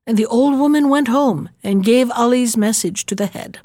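A woman's voice: a little high, no room sound, studio quality. Woman reading a fairy tale aloud. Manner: measured, gentle storytelling. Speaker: narrator. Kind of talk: storybook reading.

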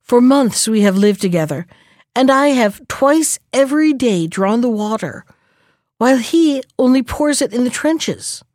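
A woman's voice: fairly high pitch, animated, a little slow, a little mellow, dry recording, studio quality. A woman doing a pleading wronged sheep. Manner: pleading, indignant.

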